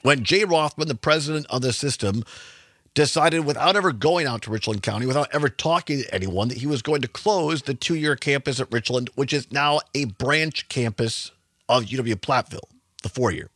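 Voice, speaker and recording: A man's voice: mid-range voice, normal speed, a bit bright, no echo, clean studio sound. A man hosting a radio talk show, giving emphatic, conversational commentary and sometimes correcting himself mid-sentence.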